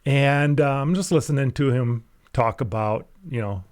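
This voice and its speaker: Man, coach, casual storyteller, animated, chuckles often, medium pitch. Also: measured pace. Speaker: mental skills coach.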